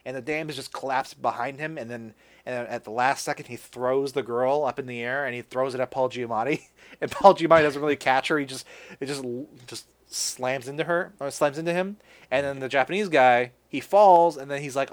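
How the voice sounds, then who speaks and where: A man's voice: medium pitch, brisk. Man rambling through a casual movie recap. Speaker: podcast host. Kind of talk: casual chat.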